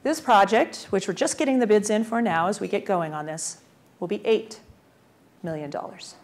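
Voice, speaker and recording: Brief: an energetic woman presenting at a conference, asking the audience questions, medium-pitched voice. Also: moderate pace. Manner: energetic, uses rhetorical questions. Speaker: conference speaker, transportation official.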